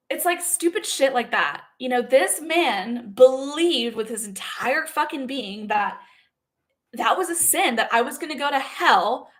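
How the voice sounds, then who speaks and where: Blunt, profane young woman ranting. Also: on the high side. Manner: blunt and profane, emphatic with frequent "okay?" check-ins. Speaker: spiritual content creator. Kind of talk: casual monologue to camera.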